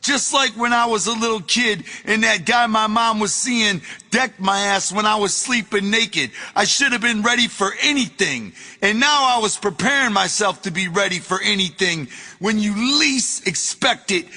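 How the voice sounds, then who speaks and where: Man narrating his own memoir, loose and cussing, piercingly bright tone, faint music under a roomy echo. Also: high-pitched, moderate pace. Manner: casual, profane, storytelling, bursts into shouting. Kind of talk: audiobook memoir reading.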